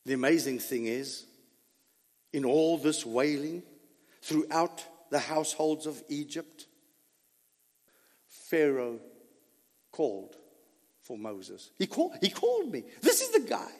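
A man delivers a dramatic first-person sermon in a high, animated voice, leaning hard on rhetorical questions. He stretches out key words with emphatic weight. The sound rings with the long reverb of a hall. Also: measured pace, pauses often, breathy edge. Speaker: preacher.

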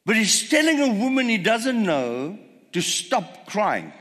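A man's voice: high-pitched, very animated, unhurried, a bit bright. A man preaching a sermon, retelling a story and firing rhetorical questions at the congregation. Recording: long hall reverb.

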